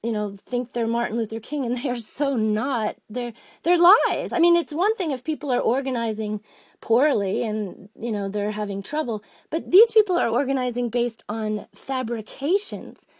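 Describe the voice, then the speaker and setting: A woman's voice: a little high, lively intonation, moderate pace, no echo, studio quality. A woman calling in to complain, rambling and agitated, with many restarts. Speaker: caller. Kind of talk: phone-in complaint.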